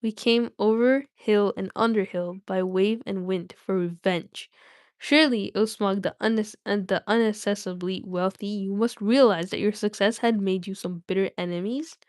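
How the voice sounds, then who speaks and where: A woman's voice: mid-range voice, fairly even intonation, normal speed, dry recording, clean studio sound, natural voice. A woman voicing a small, nervous male hobbit trying to sound brave while reading a storybook aloud, in earnest tones. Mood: defiant.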